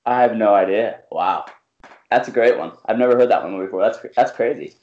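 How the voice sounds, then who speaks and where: A man's voice: fairly low pitch, brisk, darkish tone, highs cut off, a little hiss or hum. A young man in a casual chat with friends, hesitant, with many fillers, saying "bro.".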